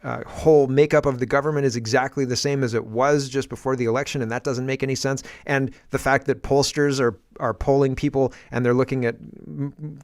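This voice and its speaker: A man's voice: medium pitch, dry recording, studio quality. A man who hosts a casual political commentary show, talking sarcastically with chuckling asides. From Canada.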